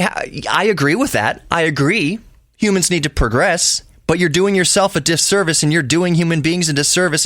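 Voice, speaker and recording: A man's voice: medium pitch, fairly bright tone, no echo. Emphatic lecturing man, dry sound. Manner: emphatic, lecturing, with frequent restarts. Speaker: podcast host. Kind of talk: solo opinion monologue.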